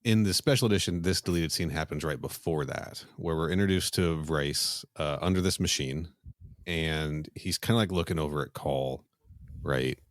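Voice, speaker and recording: A man with a very low, deep voice, co-hosting a casual podcast and walking through film scenes with frequent fillers. The sound is dry and close, with no room echo. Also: moderate pace. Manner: chatty, recaps scenes with many fillers. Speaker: podcast co-host.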